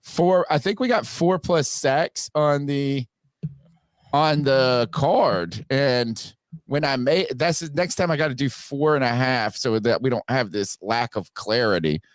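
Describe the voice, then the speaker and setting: A man hosting a sports podcast, upbeat and quick with his plugs. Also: mid-range voice, dry recording. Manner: upbeat, promotional, rapid plugs. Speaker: podcast host. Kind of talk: casual sports podcast talk.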